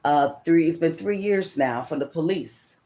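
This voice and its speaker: A woman's voice: low voice, a little slow, dark tone. A middle-aged woman and channel host telling a personal story in a rambling, emotional way, often repeating herself. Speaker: tarot reader and channel host.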